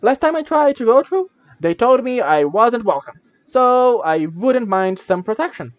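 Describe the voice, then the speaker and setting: A man's voice: very high-pitched, sing-song, measured pace, dry recording, muffled recording, voice pushed up, exaggerated voice. A man voicing a tiny, cheerful green winged sprite with a chirpy, eager manner. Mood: wary.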